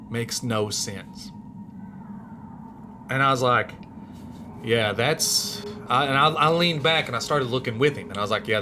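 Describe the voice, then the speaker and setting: A man's voice: mid-range voice, background noise. A man telling a true scary story in a casual, rambling way, his voice rising and dropping for suspense. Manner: animated, rambling, voice rises and drops with suspense.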